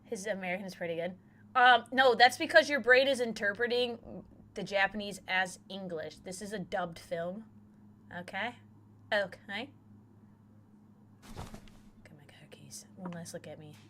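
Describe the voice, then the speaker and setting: A young woman streaming a horror game, whispering game text softly and then chatting loudly and excitedly. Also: medium pitch, moderate pace, a little hiss or hum. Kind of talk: live gameplay commentary.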